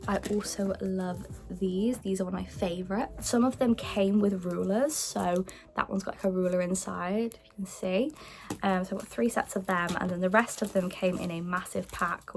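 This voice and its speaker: A young woman chatting casually about her books, excitable, with the odd hushed aside. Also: medium pitch. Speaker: book vlogger. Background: faint background music.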